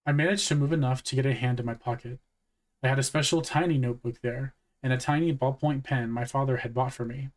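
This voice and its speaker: A man reading a novel aloud in a calm, matter-of-fact first-person narration. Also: medium pitch. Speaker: audiobook reader. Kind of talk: audiobook narration.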